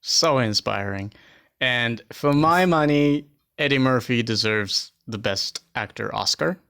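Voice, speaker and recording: A man's voice: mid-range voice, a little slow, creaky, fairly bright tone, clear, resonant tone. A man co-hosting a podcast in casual chat, talking earnestly and repeating words for emphasis. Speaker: podcast co-host.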